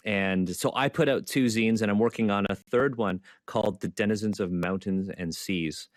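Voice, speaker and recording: A man with a lowish voice, recorded dry with studio quality, speaks earnestly on an online panel. A zine creator, he repeats his key points and uses lots of fillers.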